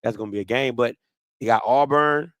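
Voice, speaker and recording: A man's voice: mid-range voice, brisk, a bit bright, no echo. A man hosting a casual sports talk show, reading out team schedules and reacting aloud with exclamations. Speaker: podcast host.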